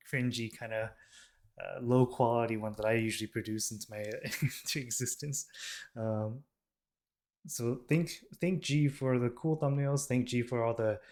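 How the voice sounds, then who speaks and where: A man's voice: mid-range voice, darkish tone. A man from the United States, hosting a reaction channel, talking casually to camera with many ums and restarts. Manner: rambling, with many ums and self-corrections. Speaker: K-pop reaction channel host.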